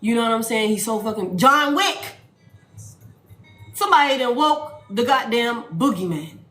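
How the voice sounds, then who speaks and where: A woman giving a casual tarot reading, animated and profane, repeating lines for emphasis. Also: fairly high pitch, moderate pace. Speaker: tarot reader. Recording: echoey room, faint music behind.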